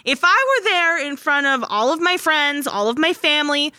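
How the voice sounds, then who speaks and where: Young woman, high bright voice, frank casual podcast chatter, dry close sound. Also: normal speed, dry recording. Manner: chatty, frank, acts out characters' lines. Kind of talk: casual chat recapping a show.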